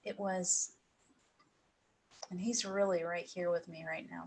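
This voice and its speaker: Middle-aged woman talking to a crowd, kinda low voice, emotional, lots of pauses, faint hum behind. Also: steady tone, low-quality recording. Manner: emotional, pausing, with soft laughs. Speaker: speaker at an evening talk. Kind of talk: heartfelt personal talk to an audience.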